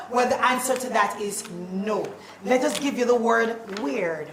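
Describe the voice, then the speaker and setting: A woman teacher, leading a playful, animated spelling lesson in a classroom. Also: on the high side, measured pace, slight background noise. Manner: animated and playful, calls out questions. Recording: echoey classroom, mic at a distance.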